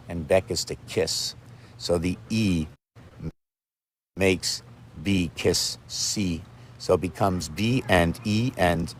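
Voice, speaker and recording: A man's voice: low voice, a little hiss or hum. A man rambling freely in a casual self-made video, jumping from idea to idea and stopping to talk to his dogs. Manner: rambling, free-associating, talks to his dogs. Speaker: video maker. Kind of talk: rambling monologue. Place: outdoors with dogs.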